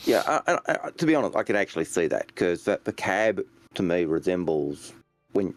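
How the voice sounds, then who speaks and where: A man's voice: deep voice, sing-song, moderate pace, faint music behind. A man co-hosting a casual chat, sick and worn in the voice, teasing and joking. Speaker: co-host.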